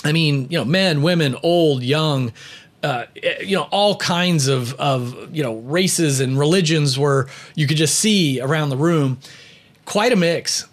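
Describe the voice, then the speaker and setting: Man, slightly high-pitched, casual storytelling, conversational, filler-heavy, talks on leadership. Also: measured pace. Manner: conversational, many "you know" fillers, chuckles while telling. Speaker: leadership and personality speaker.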